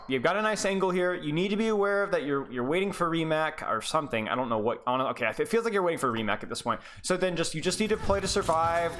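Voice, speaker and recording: A man's voice: on the high side, fairly bright tone, a little hiss or hum. A young man coaching as he reviews a game, sarcastic and mocking, breaking into laughter. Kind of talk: live gameplay review coaching.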